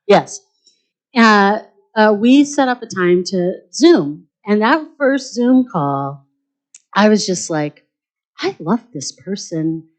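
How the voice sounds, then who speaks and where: A woman who leads an arts center, telling a lively, quick anecdote at a luncheon panel with plenty of fillers. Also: mid-range voice.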